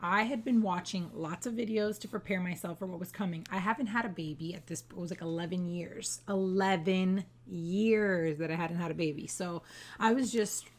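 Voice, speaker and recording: Animated woman storyteller acting out quotes. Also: fairly low pitch, moderate pace. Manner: animated, acts out quoted dialogue. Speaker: vlogger and mother. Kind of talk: casual storytelling with her husband.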